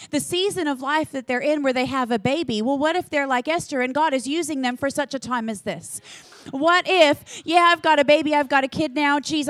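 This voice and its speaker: A woman giving a conference talk to church leaders in an energetic, earnest, chatty manner with quick asides. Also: high-pitched, no room sound. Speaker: church children's ministry leader speaking to leaders.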